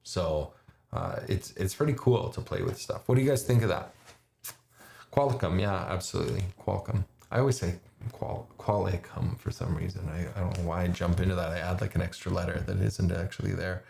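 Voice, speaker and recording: A man with a very deep, gravelly voice talks casually through option trades on a livestream. He thinks aloud, trailing into fillers and restarting his sentences. The sound carries a noticeable room echo. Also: brisk, darkish tone, a little hiss or hum. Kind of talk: casual live market commentary.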